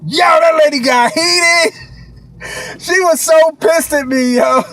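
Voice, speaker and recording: Animated man telling a motivational story. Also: extremely high pitch, slow. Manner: loud, laughing, street slang, acts out quotes. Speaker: motivational speaker.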